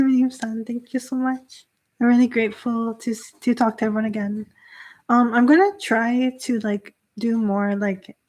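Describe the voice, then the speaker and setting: A woman's voice: a little high, darkish tone. A young woman from Canada, a Shinto priestess hosting a live stream, chatting casually with frequent laughter and many fillers as she reads out viewer comments.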